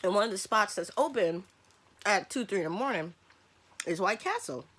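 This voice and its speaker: A woman's voice: mid-range voice, expressive, normal speed, a bit bright. A woman in her thirties from Michigan, chatting casually through a lunch mukbang vlog in her bedroom. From Michigan, USA. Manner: chatty, laid-back, fillers like um and like. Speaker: vlogger.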